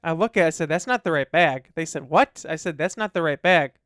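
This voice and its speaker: A man co-hosting a podcast in casual chat, telling an animated story and acting out what his dog would say. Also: on the high side, fairly quick, no room sound, clean studio sound. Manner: animated storyteller, acts out his dog's lines. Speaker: podcast co-host.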